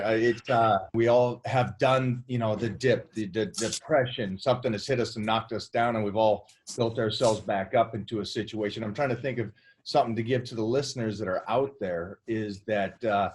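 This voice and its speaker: A man's voice: fairly low pitch, slight background noise. A man speaking as a guest on a video call, casual and hesitant, laughing as he gathers his thoughts.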